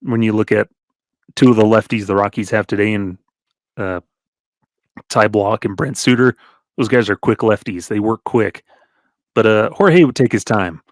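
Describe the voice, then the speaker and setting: A man's voice: on the low side, no echo, studio quality. A man co-hosting a casual sports podcast, reeling off statistics and chuckling often. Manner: reels off stats, chuckles often. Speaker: podcast co-host.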